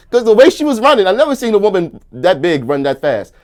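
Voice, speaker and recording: Animated crude-talking man telling stories. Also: high-pitched, normal speed. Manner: animated, crude, bursts into shouting and laughter. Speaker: comedian guest. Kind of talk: storytelling in casual chat.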